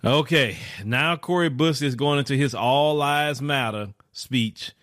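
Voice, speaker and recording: A man's voice: mid-range voice, unhurried, a bit bright, no echo, studio quality. A man hosting a casual reaction commentary, blunt and incredulous, stopping a clip to argue with it and firing repeated questions.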